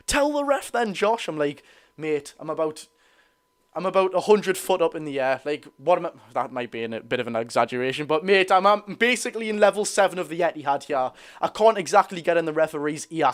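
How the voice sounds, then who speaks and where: A young Geordie man chatting on a football livestream, his voice sitting a little high for a man. He talks loosely and easily, reads out viewer comments, and keeps calling his audience lads and lasses. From North East England. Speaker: football fan livestream host. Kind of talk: casual live watch-along chat.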